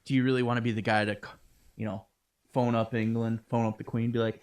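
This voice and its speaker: A man's voice: medium pitch, little pitch movement, fast talker, darkish tone, smooth. A man co-hosting a history podcast, joking around in loose casual chat with lots of fillers. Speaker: podcast co-host.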